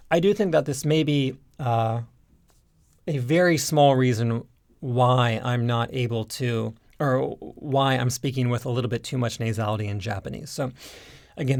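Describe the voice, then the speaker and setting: Gravelly-voiced man explaining casually. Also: mid-range voice. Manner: relaxed, rambling, frequent fillers and restarts. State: stuffed up nose from hay fever. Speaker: YouTube language teacher. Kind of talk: casual explanatory talk to camera.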